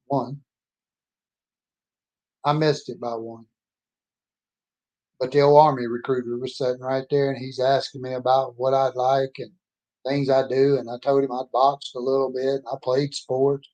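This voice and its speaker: A man's voice: mid-range voice, a little mellow, highs cut off. A man in his sixties telling his life story in a folksy, rambling, plainspoken way. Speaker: storyteller introducing himself. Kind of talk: casual personal storytelling.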